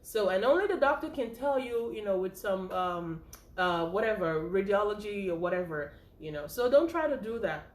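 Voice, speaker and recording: A woman teaching first aid in a chatty, informal way, often checking in with "okay?" and "right?". She sounds a little out of breath, and her voice rings in an echoey room at a mid pitch. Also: expressive, normal speed. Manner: chatty, repeats points with frequent "okay?" and "right?". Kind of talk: informal spoken lesson.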